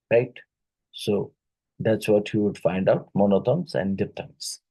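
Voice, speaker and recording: A man teaching an exam-prep phonetics lesson, unhurried and often checking in with "right?". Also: fairly low pitch, expressive, mellow, rough recording. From India. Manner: unhurried, with frequent tag questions like "right?".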